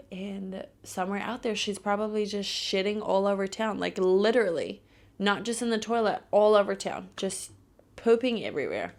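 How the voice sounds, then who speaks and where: A woman's voice: mid-range voice, animated, normal speed, darkish tone. A young woman hosting a solo podcast, telling stories in a blunt, profane, ranting way. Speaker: podcast host. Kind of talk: casual solo podcast monologue.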